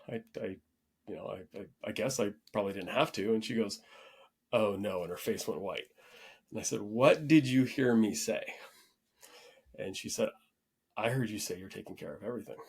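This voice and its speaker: A man hosting a podcast, telling a story in a relaxed, rambling way with frequent restarts. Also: on the low side, fairly quick, creaky, pauses often, slightly rough. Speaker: podcast host. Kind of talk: casual conversational storytelling.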